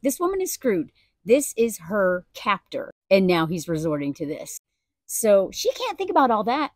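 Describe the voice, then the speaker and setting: A video creator with a medium-pitched voice speaks earnestly and emotionally in a personal commentary, talking casually and addressing viewers directly. The sound is clean studio quality with no echo.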